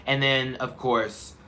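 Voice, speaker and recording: A man hosting a live show, giving sassy, animated, candid commentary in a casual chat. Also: medium pitch, slight background noise. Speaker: host.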